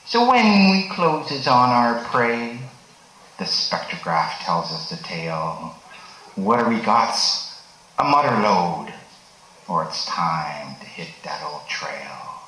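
A man's voice: low voice, normal speed, few pauses, sharp tone. A man voicing a boastful, hard-drinking male asteroid miner who talks like a pirate, reciting rhymed verse in the cowboy-poetry manner at a live open stage. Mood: swaggering. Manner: rhyming cowboy-style verse in pirate dialect. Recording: echoey open stage with room noise.

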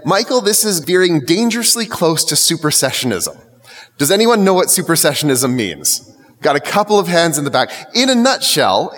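A man's voice: a little high, fairly bright tone. A young man preaching a sermon as a priest, conversational and wry, acting out the quotes he tells. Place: church. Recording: reverberant church hall.

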